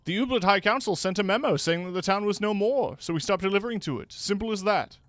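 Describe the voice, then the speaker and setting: A man voicing a brash, self-important male newspaper clerk in a game, talking in a loud, smug, bouncy way. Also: sits high, fast, no room sound, faint music behind, voice pushed up. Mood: brusque.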